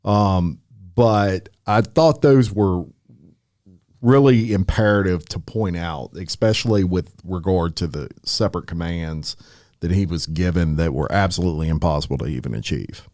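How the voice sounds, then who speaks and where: A podcast co-host with a very low, mellow voice, recorded dry and close. He speaks in an earnest, measured way, stressing his points firmly. The tone is serious throughout. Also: no echo. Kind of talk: commentary.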